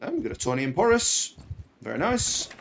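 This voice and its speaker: A man's voice: a little high, very animated, a little fast, vocal fry, slight background noise. A man commentating his own game playthrough, chatty and bantering as he swears at the soldiers on screen. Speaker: gaming channel host. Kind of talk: let's play commentary.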